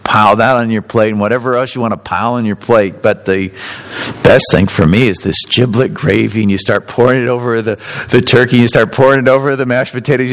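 A male pastor preaching a sermon, shifting between emphatic outbursts and quieter, softer passages. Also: medium pitch, low-quality recording. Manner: animated, swings between emphatic and soft.

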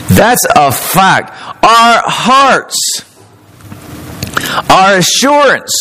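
A male pastor preaching with a high, very lively voice that swoops up and down. He presses hard on his main points and draws them out slowly. His delivery is animated and emphatic. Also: poor audio. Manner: animated preaching, emphatic and slowed on key phrases. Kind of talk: sermon.

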